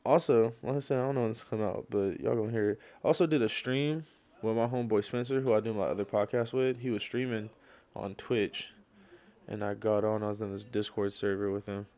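A young man hosting a casual solo podcast, telling rambling stories full of slang and fillers, and getting loud and worked up when he rants. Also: fairly low pitch, steady tone, fairly quick. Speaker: podcast host.

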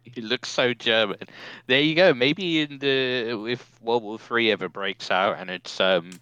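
A man's voice: mid-range voice, measured pace, pushed and bright, clear, resonant tone, no room sound, dull audio. A man co-hosting a podcast, teasing his friends and laughing a lot in casual banter. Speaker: podcast co-host.

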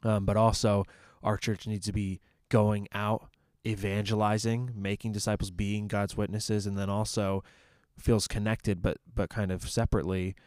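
A man from a church ministry discusses faith topics casually, thinking aloud in a relaxed way, pausing on fillers and restarting sentences. His voice sits fairly low with a clean tone, recorded dry and close without room echo.

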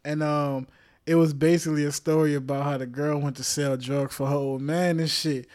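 A man's voice: on the high side, steady tone, normal speed, darkish tone. A man hosting his own podcast, talking loosely and jokingly in a casual monologue full of slang, swearing and asides to the listener. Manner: frequent laughs and check-in asides. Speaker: podcast host.

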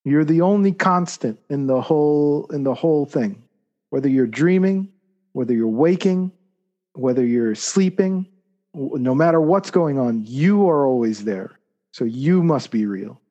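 A man voicing a calm wise spiritual teacher. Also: on the high side, measured pace, dull audio. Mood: gently probing.

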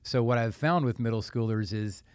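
A man co-hosting a podcast, thinking out loud in a reflective, casual manner. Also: medium pitch, normal speed, clean tone, dry recording. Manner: reflective, thinks aloud with light laughs. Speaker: podcast co-host.

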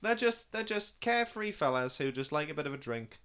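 A man's voice: on the high side, brisk, smooth. Rambling man. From Northeast England. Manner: rambling, many fillers and restarts, bursts into excited impressions. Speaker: podcast host. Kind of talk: casual film chat.

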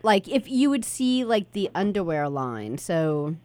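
A woman's voice: medium pitch, very animated, unhurried, darkish tone, dry recording. A woman co-hosting a comedy radio show, chatting casually with many fillers. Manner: chatty, fillers like "you know". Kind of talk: casual studio banter.

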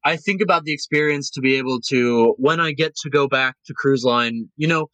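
Emotional, animated man telling a story. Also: mid-range voice, a little fast, no room sound, poor audio. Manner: animated, emotional, acts out quoted voices. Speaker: guest, cruise line cast member. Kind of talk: casual podcast storytelling.

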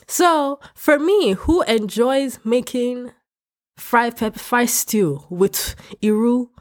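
A young woman from West Africa hosting a podcast, talking candidly in an animated, ranting way. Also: fairly high pitch, slow. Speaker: podcast host. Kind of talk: casual podcast rant. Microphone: podcast microphone.

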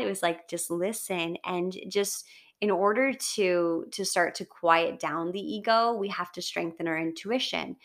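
A woman's voice: medium pitch, bright, forceful tone. A woman giving a chatty, encouraging motivational talk, often checking in with "right?".

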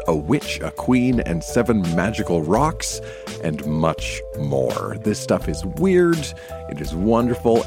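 Male podcast host, very low voice, expressive scripted narration.

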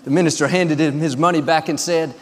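A man's voice: on the high side, fairly even intonation, a little fast. A man pastor delivering a sermon with an upbeat, repetitive preaching cadence in a large church. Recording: long hall reverb.

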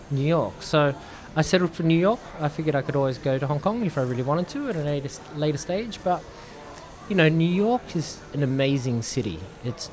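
A man with an Australian accent chatting casually as a podcast guest, relaxed and quick to laugh. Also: mid-range voice. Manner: relaxed, laughs often, says "you know" a lot. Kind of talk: casual chat.

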